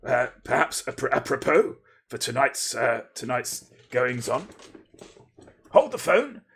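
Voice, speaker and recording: A man hosts his livestream, chatting loosely and breaking off his own sentences. His voice is gravelly and a little husky, and his pitch bounces around a lot as he rambles. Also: big pitch swings, unhurried, bright, forceful tone. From Lincolnshire, England. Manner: rambling, playful, self-interrupting, thanks viewers. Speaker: livestream host. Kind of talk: casual livestream chat.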